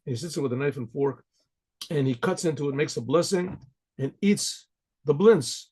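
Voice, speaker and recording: A man, a rabbi, telling a folk tale in a loose, rambling way, repeating words and often clearing his throat. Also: fairly high pitch, moderate pace, mellow. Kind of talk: storytelling to an audience.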